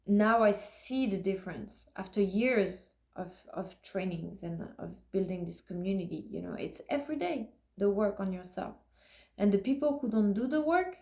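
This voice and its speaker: A woman's voice: medium pitch, warm tone, echoey room. A woman talking casually in a vlog, musing and rambling with many fillers and restarts. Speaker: vlogger. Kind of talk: casual self-recorded vlog talk.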